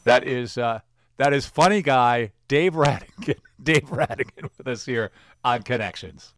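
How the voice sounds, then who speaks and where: A radio host briskly signs off a guest. His mid-pitched voice is smooth and clear, and the sound is dry and close. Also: dry recording. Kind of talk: radio sign-off.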